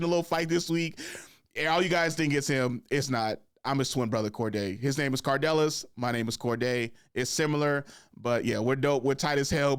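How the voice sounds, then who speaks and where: A young man hosts a casual podcast chat, loose and joking, with plenty of swearing. His voice sits a little high for a man. He keeps a playful storytelling flow. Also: clear, resonant tone. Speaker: podcast host.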